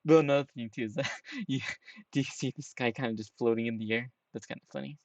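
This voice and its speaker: A man's voice: mid-range voice, quick pace, a little mellow, dry recording, highs cut off. A man giving casual, rambling reaction commentary on a game trailer, peppering his talk with "you know" and "right?". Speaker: trailer reviewer.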